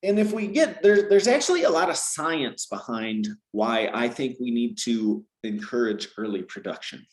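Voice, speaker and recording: A man's voice: medium pitch, lively intonation, moderate pace, hardly any pauses, reverberant. A man from Georgia with no Southern accent, a language teacher casually explaining his teaching approach, with lots of fillers and self-corrections. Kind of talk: casual conversational advice.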